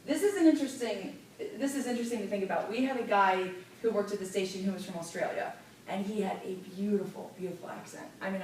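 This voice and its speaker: A woman radio host teaching a class, lively and demonstrative, stressing clear enunciation. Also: medium pitch, slight background noise. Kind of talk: classroom lesson. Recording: echoey room picked up from far.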